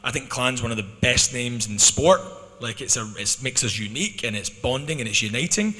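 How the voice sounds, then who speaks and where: Bright-voiced Scottish man in an arena. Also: mid-range voice. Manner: animated, talks fast with restarts. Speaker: club management speaking at a fan Q&A. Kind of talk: candid spoken answers to fans. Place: arena hall. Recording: long arena reverb.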